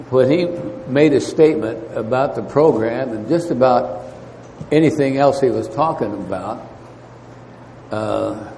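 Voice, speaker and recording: Brief: man, halting storyteller, mellow low tone, long hall reverb, faint background hiss. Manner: halting, many fillers and restarts. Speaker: recovery meeting speaker. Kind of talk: storytelling talk. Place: meeting hall.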